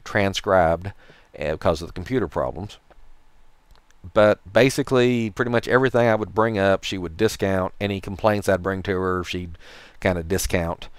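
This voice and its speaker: A man with a Tennessee accent talks to the camera in a low, smooth voice. He tells his story in a rambling, dryly sarcastic way. The sound is close and dry, with no room echo. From Tennessee, USA. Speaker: vlogger. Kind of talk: casual talk to camera.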